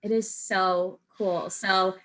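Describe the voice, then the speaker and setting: A woman's voice: medium pitch, fairly even intonation, takes it slowly, fairly bright tone. A woman hosting a podcast interview, chatting casually and gushing with enthusiasm. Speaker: podcast host.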